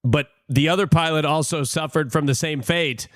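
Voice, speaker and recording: A man streaming and reacting to clips, chatty and thinking out loud. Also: fairly high pitch, normal speed, dry recording, studio quality. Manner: chatty, animated, wondering aloud. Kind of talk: casual live-stream commentary.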